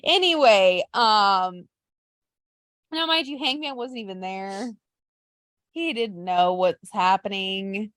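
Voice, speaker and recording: A woman co-hosting a casual podcast who swears freely and retells events with quick quoted asides. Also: mid-range voice, a bit bright, no echo. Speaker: podcast co-host. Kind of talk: casual chat.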